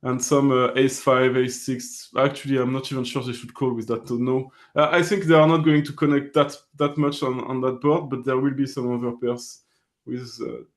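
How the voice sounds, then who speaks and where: A man on an online call analysing a poker hand, halting and repeating words as he thinks. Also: mid-range voice, flat delivery. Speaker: poker student. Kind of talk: casual chat over a call.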